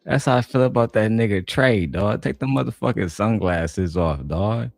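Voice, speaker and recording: A man's voice: fairly low pitch, moderate pace, gravelly, hardly any pauses, a little mellow, dry recording, faint music behind. A man from Detroit doing blunt, profane, slang-heavy reaction commentary. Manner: blunt, trash-talking, slangy. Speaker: commentator reacting to a panel clip.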